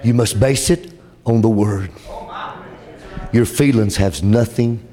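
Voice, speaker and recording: Preaching slowly, this man gives a fervent sermon that moves from shouted, high-pitched lines down to quiet, low stretches.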